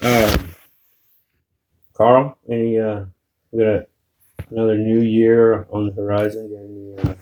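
A man with a low, mellow voice co-hosting a podcast. He keeps throwing in wisecracks. His tone is dark and relaxed. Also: a little slow, long pauses, slight background noise, poor audio. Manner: wisecracking interjections. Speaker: podcast co-host. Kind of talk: casual chat.

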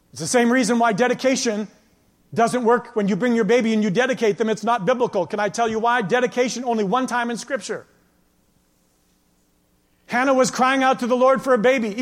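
A man preaching a sermon as pastor, emphatic, with passages that drop to a quiet, intense tone. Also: extremely high pitch. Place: church sanctuary. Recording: long church hall reverb.

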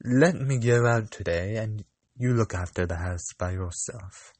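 A man voicing a sly, greedy female cat in a storybook reading, with a slow, cool, smooth delivery. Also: lowish voice, a little mellow, no room sound. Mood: scheming.

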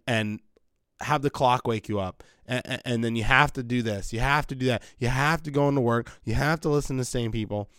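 A man's voice: medium pitch, clean tone, dry recording, studio quality. A man hosting a podcast from his basement, rambling bluntly and swearing in a casual monologue. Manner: rambling, blunt, profane, animated. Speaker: podcast host. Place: home basement.

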